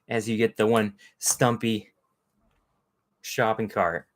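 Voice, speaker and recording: This Texan livestream host speaks slowly in a lowish, steady voice. He rambles through casual live chat with his viewers, calling them out by name.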